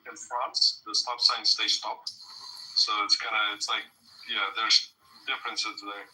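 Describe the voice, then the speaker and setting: A man's voice: fairly low pitch, level tone, normal speed, bright, forceful tone, rough recording. A man in casual chat on a podcast, agreeable and explaining things.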